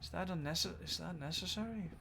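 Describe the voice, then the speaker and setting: A man streaming a strategy game, thinking aloud in casual, excitable commentary and swearing freely. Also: a little high, quick pace, creaky. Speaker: gaming streamer. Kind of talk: casual let's-play commentary.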